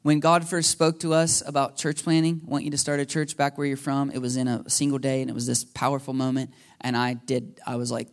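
A man preaches to his congregation with lively, storytelling energy, his voice sitting in an ordinary middle register. He shifts easily from plain teaching into acted-out exchanges with God, keeping the earnest, engaged tone of a pastor's sermon. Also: medium pitch, a little fast. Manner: animated storytelling, acting out dialogue with God. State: a little emotional.

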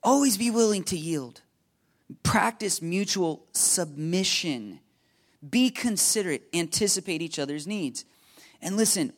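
A pastor from the United States delivers a sermon in a slightly high voice. He is animated and joking, often checking in with his listeners.

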